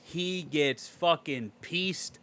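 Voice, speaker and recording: A man recapping a movie in a casual podcast chat, excitable and swearing a lot. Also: a little high, drawn-out words. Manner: excitable, heavy swearing, animated storytelling. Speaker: podcast co-host.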